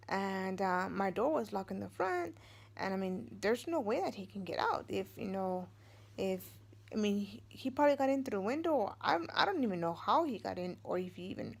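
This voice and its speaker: A woman's voice: mid-range voice, creaky, darkish tone, husky. A woman in her forties, a vlogger and mother of three, telling a story casually, rambling with many fillers and restarts and acting out what others said.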